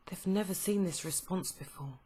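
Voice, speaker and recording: A woman giving a tarot reading, told as a slow, emotive second-person story with frequent pauses. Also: lowish voice, warm tone, slightly rough. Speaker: tarot reader.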